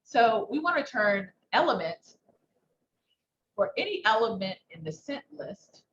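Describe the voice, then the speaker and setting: A woman's voice: fairly high pitch, sing-song, a little slow, fairly bright tone. A woman instructor teaching a live coding lesson, thinking aloud and asking rhetorical questions. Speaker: workshop instructor. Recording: dull muffled sound, faint background noise.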